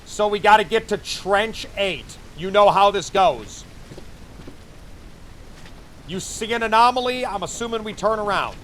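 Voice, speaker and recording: Man, game streamer, joking, casual commentary, talks to himself, fairly high voice. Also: expressive, a little slow, long pauses, fairly bright tone, a little hiss or hum. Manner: joking, chatty, talks to himself while playing. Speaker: VTuber streamer. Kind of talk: casual gaming commentary to chat.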